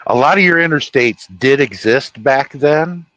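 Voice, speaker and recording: A man's voice: medium pitch, animated, unhurried, a bit bright, no room sound, muffled recording. A man from Ohio chatting casually on a livestream, rambling and correcting himself as he goes. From Ohio, USA. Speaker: livestream host.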